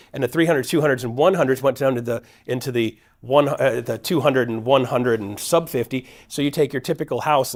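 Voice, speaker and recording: A middle-aged man, a guest speaker, telling a personal business story and acting out the dialogue of the people in it. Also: medium pitch. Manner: energetic, acts out quoted dialogue with shifting voices. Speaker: guest speaker at a real estate event.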